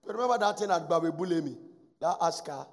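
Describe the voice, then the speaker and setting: Gravelly preacher in echoey hall. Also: male voice, on the high side, animated, fast talker, a little hiss or hum. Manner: impassioned preaching, swinging between loud exhortation and hushed asides. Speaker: pastor. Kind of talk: sermon. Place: church hall. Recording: echoey church hall with faint music. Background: faint music.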